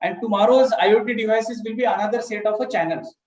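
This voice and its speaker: Male panelist, high voice, roomy echo, rambling list of points. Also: fast, a little mellow. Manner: loose, listing points, often adds "right?". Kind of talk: panel discussion.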